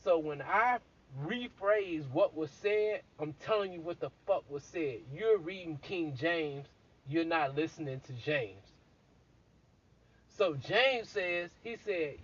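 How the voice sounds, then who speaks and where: Play a somewhat high-voiced, husky man telling a story with blunt, crude, animated energy. The recording is dull and lo-fi, as if captured on a modest setup. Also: slow. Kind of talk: casual profane storytelling.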